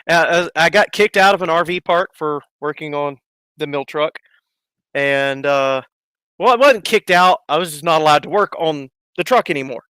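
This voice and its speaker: Guy rambling through a story on a stream, laughs a lot, slightly high voice, dry mic. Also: a little slow, bright, forceful tone, clean tone, dry recording. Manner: rambling, laughing, acts out voices in his stories. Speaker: live stream guest. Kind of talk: casual storytelling.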